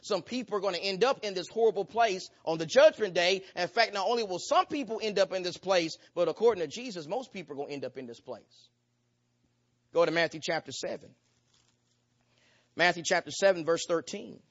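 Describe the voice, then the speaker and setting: A man's voice: sits high, a little fast, highs cut off. A man preaching a sermon with an emphatic, repetitive cadence that builds in intensity.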